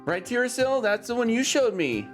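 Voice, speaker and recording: Gushing young boy, high and squeaky, eager and boisterous, tabletop role-play, faint music behind. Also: very animated, normal speed. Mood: excited.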